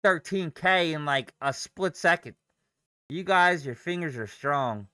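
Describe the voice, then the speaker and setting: Young male trading host, loose profane chatter, slightly high, crisp and dry. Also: expressive, unhurried, pushed and bright, no room sound. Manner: profane, rambling, reacts to chat and charts. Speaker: livestream day trader. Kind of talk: casual live-stream chat.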